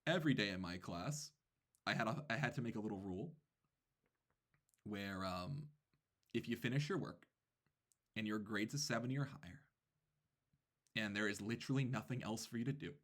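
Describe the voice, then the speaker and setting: A man with a lowish voice tells a casual story about his classroom. He narrates in an animated way, with quick asides and playful imitations of the kids. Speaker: teacher telling a classroom story.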